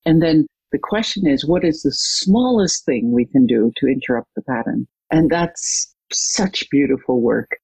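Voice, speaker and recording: A coach and trainer, a guest in an interview, who tells a client story with lively retelling and acts out the quoted dialogue. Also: medium pitch, a little slow, vocal fry, few pauses, slightly rough, no echo, rough recording.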